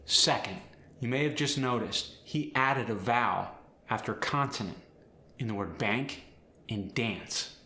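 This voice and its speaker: A man coaching accents, explaining step by step in a clear, instructional way. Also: medium pitch, a little slow, sharp tone, reverberant. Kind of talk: instructional lesson.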